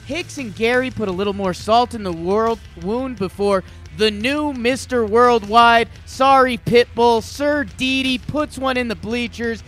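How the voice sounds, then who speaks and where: A man doing a hammy British highlights announcer. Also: a bit bright, soft background music. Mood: hammy, excited. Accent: put-on British. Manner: brisk over-the-top highlight recap. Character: man putting on a British sportscaster voice.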